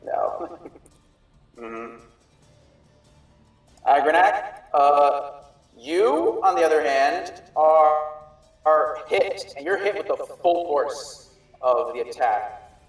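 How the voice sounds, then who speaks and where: A man running a tabletop game as game master, narrating in a halting way with fillers and restarts. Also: on the high side, sing-song. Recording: echoey room, distant mic, faint music.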